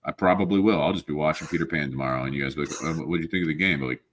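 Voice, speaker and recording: A man with an extremely deep voice vents angrily about his team, swearing freely in a casual podcast chat. He mentions being sick, and his talk rambles with restarts and exasperated sighs. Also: racing, fairly bright tone, slight background noise. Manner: ranting, profane, frustrated. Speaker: podcast co-host.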